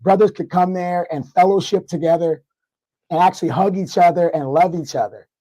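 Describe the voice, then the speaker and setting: A man with a congested, hoarse voice, guesting on a livestream discussion and ranting in mock outrage. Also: sits high, fairly quick, mellow, poor audio. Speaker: guest commentator.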